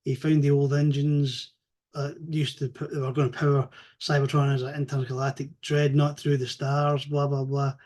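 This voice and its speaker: A man recapping a comic story in a rambling, animated way, swearing freely and acting out the characters' lines. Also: mid-range voice, normal speed. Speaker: comics reviewer.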